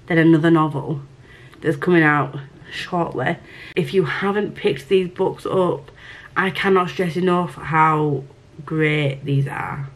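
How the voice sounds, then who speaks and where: A woman book vlogger chatting casually through a mail unboxing, gushing and excitable, with casual swearing. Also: lowish voice. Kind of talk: casual unboxing and reading vlog.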